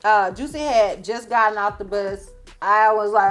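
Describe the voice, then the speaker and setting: A woman's voice: medium pitch, brisk, fairly bright tone, soft background music. A woman, a beauty vlogger telling a storytime, chatty, laughing often and acting out what others said. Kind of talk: storytime vlog.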